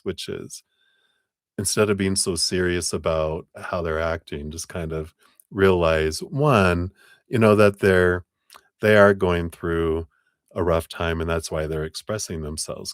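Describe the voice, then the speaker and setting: A man's voice: sits low, no echo, studio quality. A man giving a live tarot reading in a chatty way, laughing often and acting out little quoted voices. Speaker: tarot reader.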